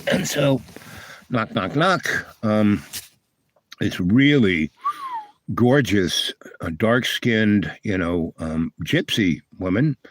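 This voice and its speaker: A man's voice: fairly low pitch, lively intonation, slow, no room sound. An older man hosting a livestream, telling a meandering personal story with many restarts and fillers. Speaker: livestream host. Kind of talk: rambling storytelling.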